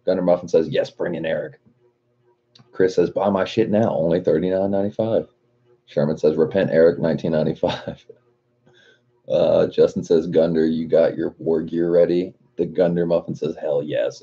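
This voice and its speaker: A man's voice: very deep voice, flat delivery, normal speed, warm tone, slightly rough. A man hosting a casual livestream, reading viewer comments aloud with laughter and cursing. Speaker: livestream host. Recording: dull lo-fi stream audio.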